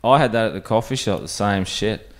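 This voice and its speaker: A man's voice: lowish voice, brisk. An Australian man on a podcast, chatting casually and rambling, often trailing off mid-sentence. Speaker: podcast guest. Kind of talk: casual chat.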